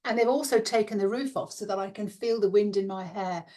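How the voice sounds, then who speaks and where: A woman's voice: mid-range voice, brisk, mellow. A middle-aged woman, giving a casual spiritual talk in a chatty, dreamy way and laughing often. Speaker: spiritual teacher and card reader. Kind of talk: casual guided visualization talk.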